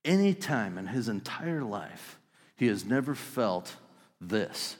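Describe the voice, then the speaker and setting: A man preaching a sermon, telling the story vividly and swinging between loud outbursts and hushed lines. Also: fairly low pitch, sing-song, slow pace, long reverb tail. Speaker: pastor.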